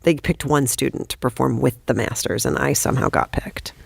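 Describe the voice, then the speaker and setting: A woman guest on a podcast, telling stories in a rapid, animated way and swearing freely. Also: very deep voice, creaky, breathy edge, dry recording, clean studio sound. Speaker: guest, comedic actress. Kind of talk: casual podcast storytelling.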